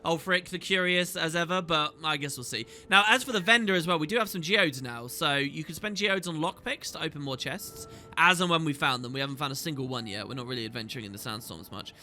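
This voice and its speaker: A man's voice: a little high, fast talker, few pauses, pushed and bright. A man hosting a gaming video, chatting casually as he plays and reading quest dialogue aloud. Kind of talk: casual gameplay commentary. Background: faint game music.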